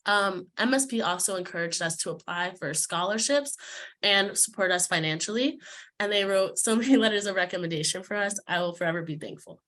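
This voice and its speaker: A woman's voice: medium pitch, brisk, fairly bright tone. A young woman giving a heartfelt, slightly emotional prepared talk as a student speaker. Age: young adult. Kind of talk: prepared speech.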